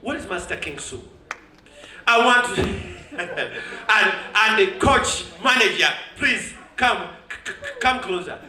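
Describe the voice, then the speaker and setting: A man's voice: high voice, expressive, slow pace, bright, forceful tone. A Ugandan man giving an exuberant public thank-you speech at a ceremony, laughing often and mixing in Swahili. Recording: roomy echo.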